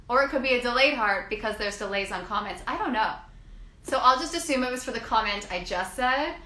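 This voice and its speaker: A woman's voice: on the high side, pushed and bright, echoey room. A Canadian woman hosting a live-stream chat from her home studio, rambling casually and joking at her own expense. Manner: chatty, self-mocking rambling. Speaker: host.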